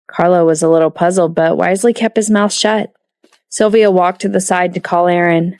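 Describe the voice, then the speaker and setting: Low-pitched woman narrating an audiobook. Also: fairly even intonation, normal speed, a little mellow, dry recording, clean studio sound. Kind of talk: scripted narration.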